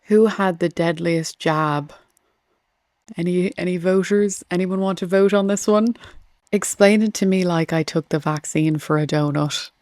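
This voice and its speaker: Woman host chatting over memes, wry, low-ish voice, dead dry sound. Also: a little slow, a little mellow, dry recording. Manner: chatty and wry, with small laughs. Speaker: political commentary host. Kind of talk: casual commentary reading memes aloud.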